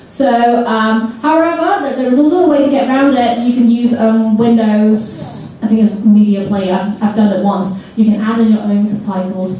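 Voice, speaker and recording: A woman's voice: a little high, a little hiss or hum. Woman presenting in an echoey hall. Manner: lively, coaxes the audience to repeat words aloud. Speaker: seminar presenter for teachers. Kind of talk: presenting a teacher training seminar. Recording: echoey hall recording from far off.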